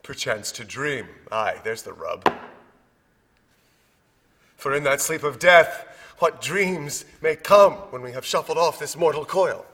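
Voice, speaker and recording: An actor playing a brooding young prince, reciting verse in a measured, rhythmic stage delivery. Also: male voice, a little high, lively intonation, fairly bright tone, in a large hall. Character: brooding young prince weighing life and death.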